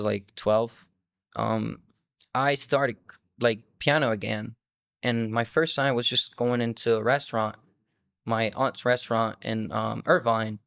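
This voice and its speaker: This young man from France, a native French speaker, chats in an easy, rambling way and leans on fillers as he talks. His voice sits at an ordinary male pitch. The sound is close and dry, with no room echo. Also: vocal fry, fairly bright tone. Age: 20s. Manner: loose, rambling storytelling with many "like" fillers. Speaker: musician guest. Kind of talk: casual interview chat.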